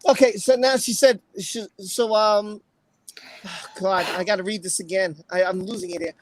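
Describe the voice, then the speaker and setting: A woman's voice: mid-range voice, fairly even intonation, normal speed. A woman hosting a casual livestream, reading aloud, exclaiming often and breaking into laughter. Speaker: livestream host.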